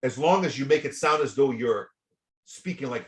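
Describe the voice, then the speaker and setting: A man's voice: medium pitch, expressive, moderate pace. A man teaching a voice lesson, giving chatty feedback full of repeated words and small sung and spoken demonstrations. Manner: chatty, repeats words, demonstrates by singing and speaking softly and loudly. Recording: roomy echo.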